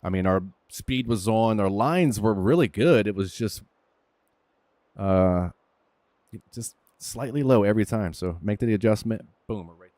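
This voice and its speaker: A man's voice: on the low side, a little slow, darkish tone, no room sound. Candid man self-coaching over a game. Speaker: gaming streamer. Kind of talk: casual commentary while playing.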